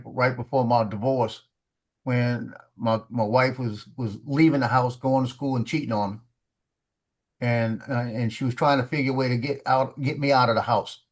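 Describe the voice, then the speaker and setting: A man with a mid-range voice, talking at normal speed, tells a story in a casual studio chat. He's an animated storyteller who restarts, repeats words, and acts out the voices of the people in it.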